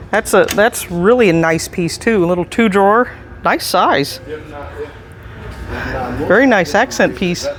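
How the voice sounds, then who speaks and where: An enthusiastic staff member gives a casual walking tour of a big indoor antiques mall and chuckles often between remarks. The voice sits in a middle pitch range. A faint hum of ambience runs behind it, picked up by a handheld camera on the move.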